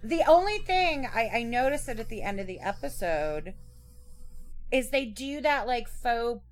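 A woman's voice: fairly high pitch, sing-song, unhurried, poor audio. A woman co-hosting a podcast, talking bluntly and sarcastically, with some swearing. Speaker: podcast co-host. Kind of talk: casual chat.

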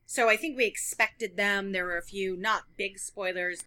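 A woman's voice: mid-range voice, moderate pace, bright, forceful tone. A woman co-hosting a podcast, chatting casually and gushing with enthusiasm. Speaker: podcast co-host. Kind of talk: casual chat.

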